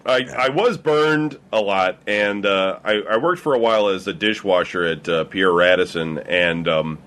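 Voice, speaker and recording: A man's voice: low voice, fairly bright tone, clear, resonant tone. A man chatting casually on a talk show, interjecting with questions and jokes. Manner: quick interjecting, joking, prompts others to go on. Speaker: podcast co-host. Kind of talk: casual chat.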